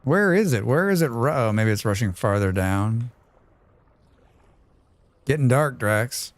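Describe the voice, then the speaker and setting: A man's voice: mid-range voice, animated, measured pace, no echo. A man streaming a survival game live, chatting casually, reading chat aloud and humming to himself as he plays. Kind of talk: casual gaming livestream chat.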